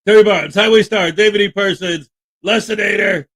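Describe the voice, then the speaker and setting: A man's voice: high-pitched, moderate pace, a bit bright, a faint crowd. A man hosting a casual morning livestream, upbeat and jokey, greeting viewers by name. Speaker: host.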